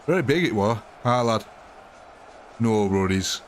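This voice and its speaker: A man doing a gruff Yorkshire lad, broad Yorkshire accent, lowered voice, blunt plain talk. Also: animated, measured pace, a little hiss or hum. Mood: joking.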